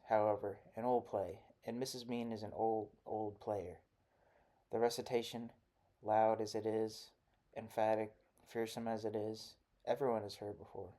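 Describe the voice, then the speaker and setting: A man narrating a literary short story in a measured, even reading. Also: on the low side. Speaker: audiobook narrator.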